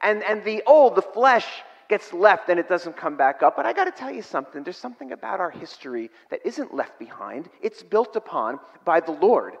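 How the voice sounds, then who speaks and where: A man's voice: high-pitched, sing-song, normal speed, vocal fry, hardly any pauses, husky, highs cut off. A middle-aged man preaching a sermon, reading scripture aloud and then explaining it in a plain, conversational way. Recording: long hall reverb.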